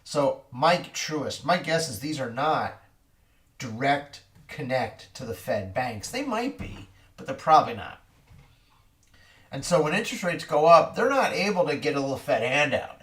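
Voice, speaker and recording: A man's voice: on the high side, sing-song, a little slow, fairly bright tone. A man giving casual market commentary in a rambling, wry way with corny jokes, a little distant from the mic.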